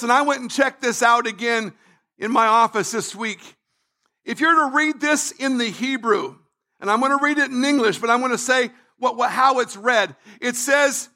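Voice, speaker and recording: A man pastor preaching a sermon, emphatic, repeating phrases and building to shouts. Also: extremely high pitch.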